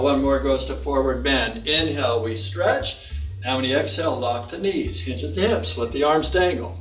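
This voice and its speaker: A high-pitched man guides an exercise class, calm and encouraging as he counts each move. He sounds a little far from the mic in an echoey room, with faint music playing behind him. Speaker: fitness instructor.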